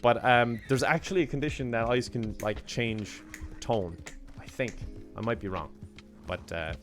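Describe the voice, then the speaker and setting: A man streams a game over soft background music, his medium-pitched, slightly bright voice moving at a normal speed. He chats casually and rambles with viewers, laughs often, and reads out and thanks them for chat donations.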